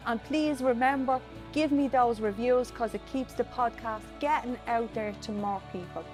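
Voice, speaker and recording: A woman's voice: fairly high pitch, moderate pace, darkish tone, soft background music. A middle-aged woman hosting a podcast, giving motivational self-help talk and coaching her listeners directly in an encouraging way. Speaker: podcast host.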